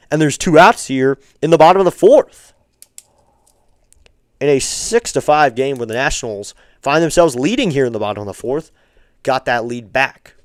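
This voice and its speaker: A man hosting a live baseball stream, calling the action with a smooth, resonant voice. He stays calm between pitches, climbs on every hit, and chats with viewers by name. The sound is close and dry, with no room around it. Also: no echo. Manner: chatty asides thanking viewers by name. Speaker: fan play-by-play host of a live stream. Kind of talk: amateur baseball play-by-play with viewer chat.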